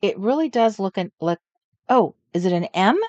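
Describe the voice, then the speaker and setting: This is a woman at an everyday pitch, chatting on a crafting livestream. She thinks out loud as she works and greets viewers by name. The sound is dry and close. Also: expressive, moderate pace, dry recording, lo-fi sound. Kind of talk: casual live chat while crafting. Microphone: desk setup with overhead camera.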